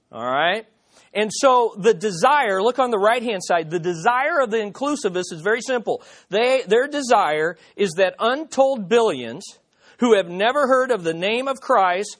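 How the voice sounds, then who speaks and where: A man preaching a teaching sermon as pastor, earnest and animated, telling a story and asking repeated rhetorical questions. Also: high-pitched.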